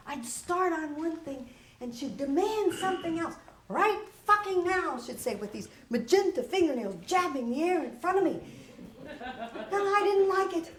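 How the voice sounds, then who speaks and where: A woman's voice: high-pitched, far from the mic. A woman with a Southern US accent performing a self-mocking solo theater monologue, recorded live in a roomy small theater. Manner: animated, self-mocking storytelling.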